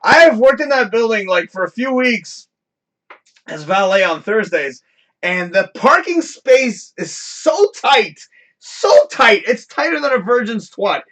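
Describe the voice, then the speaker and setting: A man's voice: high voice, sing-song, a little slow, sharp tone. A man hosting a live stream, telling a story in a casual, profane rant and laughing often. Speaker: host.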